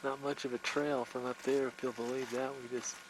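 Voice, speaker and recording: A man's voice: mid-range voice, little pitch movement, fairly quick. A man filming a hike, narrating casually and admiringly while out of breath. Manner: chatty, admiring. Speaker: hiker filming the trip. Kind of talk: casual narration to a home video camera. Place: outdoors on a high mountain trail. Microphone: built-in camcorder mic. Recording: home camcorder tape with loud wind noise.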